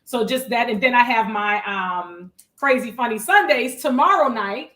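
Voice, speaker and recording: Bright-voiced woman comedian hosting a chat. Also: a little high, moderate pace. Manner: animated storyteller, slips into impressions of friends. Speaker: comedian and host. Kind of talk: casual chat.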